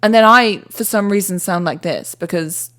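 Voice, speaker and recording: A woman's voice: mid-range voice, moderate pace, a bit bright. A British woman from England, near Bristol, co-hosting a podcast in casual chat. She talks freely and often drifts off on tangents. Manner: chatty, wanders into tangents. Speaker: podcast co-host.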